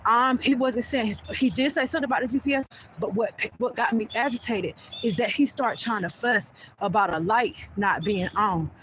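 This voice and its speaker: A woman telling a heated personal story to her viewers, profane and animated, speaking straight to the audience. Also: fairly high pitch, normal speed, a little hiss or hum. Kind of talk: casual storytelling rant.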